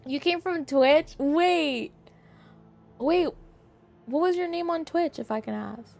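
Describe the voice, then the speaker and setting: A woman's voice: high-pitched, slow, vocal fry, a little mellow, faint music behind. A young woman streaming a game, chatting with her viewers in a giggly, talkative way. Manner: giggly, chatty, reads chat aloud. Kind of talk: casual live game stream chat.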